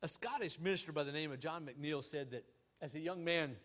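A man preaching a sermon, telling anecdotes with wide swings in pitch and loudness. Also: fairly quick. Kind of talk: sermon with storytelling.

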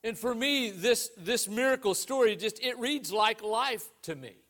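A man with a high voice delivers a Sunday sermon. He talks in a conversational way, full of rhetorical questions and restarted phrases. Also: measured pace, fairly bright tone. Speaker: pastor.

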